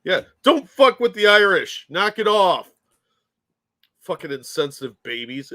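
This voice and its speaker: Man, higher bright voice, animated, mocking, crude ranting co-host. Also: a little slow. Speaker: podcast co-host. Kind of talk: casual political commentary chat.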